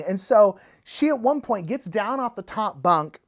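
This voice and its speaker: A man telling a funny travel story in a casual, animated way, laughing often. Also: brisk, vocal fry. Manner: animated, laughing, big pitch swings. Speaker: storyteller, channel co-host.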